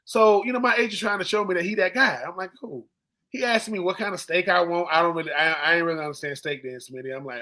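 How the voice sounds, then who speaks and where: A man with a high, bright voice spins a casual story on a sports podcast. He slips into the voices of the people he quotes. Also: fast talker. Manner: animated storyteller who acts out quoted people. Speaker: co-host, former football player.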